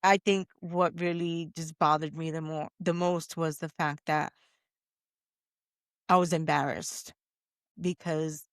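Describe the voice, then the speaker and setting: A woman co-hosts a podcast in a low-key, easygoing way and leans on small fillers as she talks. Her voice is very low for a woman. The studio sound is dry and close. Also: steady tone, slow, long pauses, dry recording. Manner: low-key, lots of "you know" and "um" fillers. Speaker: podcast co-host. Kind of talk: casual chat.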